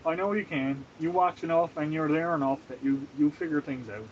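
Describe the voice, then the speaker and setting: A man's voice: fairly high pitch, fairly quick, highs cut off, slight background noise. A man from Canada chatting casually on a live stream while he cooks, laughing often and greeting viewers by name.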